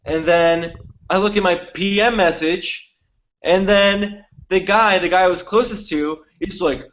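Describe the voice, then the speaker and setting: A man's voice: sits high, fairly even intonation, unhurried, a bit bright, dull audio. A young man co-hosting a podcast, telling a long story in casual chat, acting out quotes and swearing freely. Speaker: podcast co-host.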